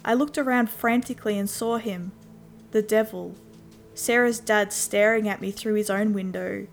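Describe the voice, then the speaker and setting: A woman telling a scripted first-person horror story in a steady, mid-pitched voice. Faint music plays beneath her narration. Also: normal speed, gravelly.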